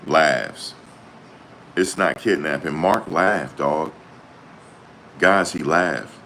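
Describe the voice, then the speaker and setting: A man with an extremely deep, low voice talks through courtroom news in a loose, slangy way. He gets worked up, exclaims and hammers the same point again and again. A faint hiss of noise sits under his voice. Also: extremely slow, pauses often. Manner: excitable, slangy, exclaiming and repeating himself. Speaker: commentator. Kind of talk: trial reaction commentary.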